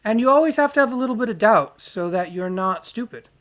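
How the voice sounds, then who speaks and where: A man's voice: high voice, lively intonation, fast talker, fairly bright tone. Profane, ranting man talking to camera. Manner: wandering, self-correcting delivery. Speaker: podcast host. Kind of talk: unscripted spoken monologue.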